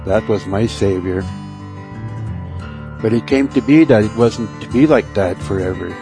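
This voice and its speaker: A middle-aged man telling his personal faith testimony in a halting way, repeating words and letting phrases trail off. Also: on the low side. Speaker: testimony speaker. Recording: soft guitar music behind.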